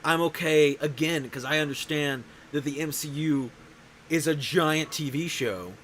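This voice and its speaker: A man's voice: fairly high pitch, measured pace, fairly bright tone, slight background noise, rough recording. A man hosting a show, talking in a casual, rambling way, often restarting his sentences. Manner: rambling, self-interrupting. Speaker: show host. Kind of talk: casual chat.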